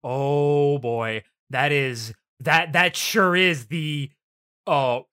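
A man hosting a podcast in casual chat, animated, swearing freely and laughing often. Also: on the high side, extremely slow, smooth. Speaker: podcast host.

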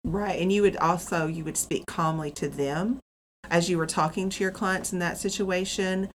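Low voiced woman cohost, casual advice chat, reassuring, restarts a lot. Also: steady tone, normal speed, slight background noise. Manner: reassuring, explanatory, restarts mid-sentence. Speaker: podcast co-host for nursing students.

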